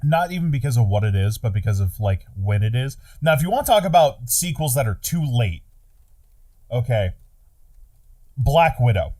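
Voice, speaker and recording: A man's voice: medium pitch, very animated, moderate pace, mellow. A man in casual podcast chat who laughs easily, swears freely and acts out jokes.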